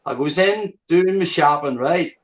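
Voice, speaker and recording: A man's voice: a little high, unhurried. A man with a Belfast accent hosting a live stream panel, ranting and mocking with constant swearing. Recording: dull lo-fi stream audio.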